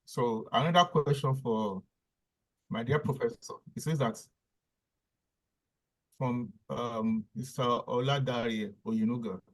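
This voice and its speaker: A man moderates an online panel, reading out questions politely and hesitantly. His voice is at middle pitch, with a dry, close sound. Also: dry recording, rough recording.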